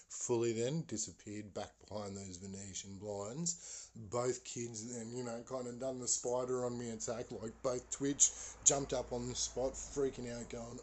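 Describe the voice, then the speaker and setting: A man's voice: on the low side, fairly even intonation, normal speed, darkish tone. Rambling man telling a ghost story. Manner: rambling, with many fillers and restarts. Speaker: podcast host. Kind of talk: casual spoken ghost story.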